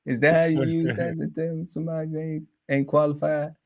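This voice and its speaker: A man hosting a casual podcast panel. He slowly reads through lists of words, musing aloud and breaking into laughter now and then. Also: a little high, little pitch movement, creaky, darkish tone. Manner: slow, musing list-reading broken by laughter and asides.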